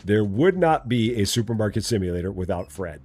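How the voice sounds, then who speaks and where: A man's voice: fairly low pitch, animated, a little fast, darkish tone, faint music behind. A man streaming a game live, chatting and joking with his viewers. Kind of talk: casual live gameplay commentary.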